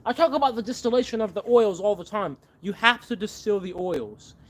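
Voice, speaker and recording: High-voiced man chatting with viewers. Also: brisk, a bit bright. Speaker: livestream host. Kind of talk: casual livestream Q&A.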